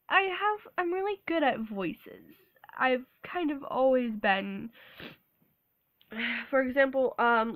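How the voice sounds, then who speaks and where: A young woman, sick with a sore throat, rambling awkwardly in a casual vlog, halting and laughing often. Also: a little high. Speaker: vlogger.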